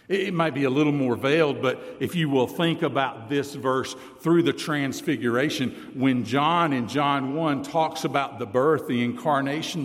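Man, pastor, sermon, slow unhurried delivery, emphatic low drops, long church-hall reverb. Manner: deliberate preaching, slows and drops low for emphasis, reads scripture aloud.

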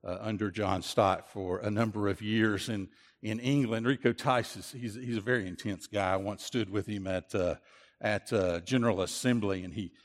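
Earnest preacher in an echoing hall. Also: male voice, on the low side, steady tone, moderate pace. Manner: earnest, repetitive, with many restarts. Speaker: pastor. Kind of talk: sermon. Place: church.

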